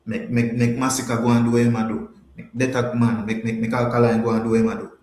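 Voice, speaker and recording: A man's voice: medium pitch, little pitch movement, fast talker, darkish tone, reverberant. Jamaican man riffing on a podcast. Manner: emphatic, repeats phrases. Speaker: podcast host. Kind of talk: casual livestream chat, answering viewers.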